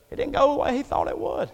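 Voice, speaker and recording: A man pastoring a church, preaching a folksy sermon, joking and then building to loud passages. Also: medium pitch, gravelly, in a large hall, a little hiss or hum.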